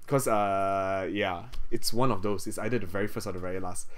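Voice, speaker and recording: A man's voice: low-pitched, fairly even intonation, a little fast. Male co-host, casual reaction chat, rambly with fillers, enthusiastic. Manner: rambling, many fillers and restarts; enthused, easily impressed.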